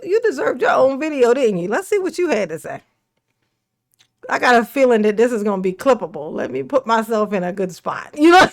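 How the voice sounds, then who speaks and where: A woman hosting a casual reaction commentary, sarcastic and mocking, laughing often and swearing freely. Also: on the high side. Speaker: commentary host.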